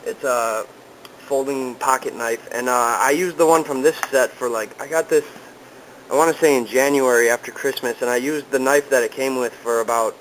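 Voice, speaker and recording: Young male vlogger, mid-pitched, casual and meandering, faint background noise. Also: fairly bright tone, poor audio. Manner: easygoing, rambling with many ums and uhs. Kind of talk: casual product talk to camera.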